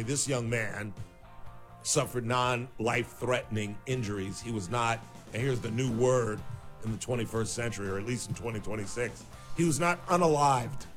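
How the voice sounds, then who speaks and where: Sarcastic ranting talk radio host man. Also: mid-range voice. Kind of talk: opinionated talk radio monologue.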